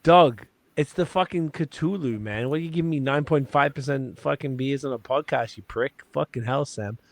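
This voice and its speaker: A man's voice: mid-range voice, moderate pace, no room sound. A man hosting a podcast, chatting casually and rambling with swearing and fillers. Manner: loose and profane, rambling with lots of fillers. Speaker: podcast host.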